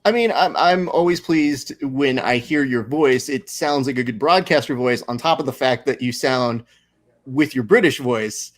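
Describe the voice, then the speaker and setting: Two friends chat over a live watch-along, and this man is the host. His voice sits at a middle pitch, and he talks in a loose, joking way, often laughing and ribbing his guest. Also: normal speed. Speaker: show host.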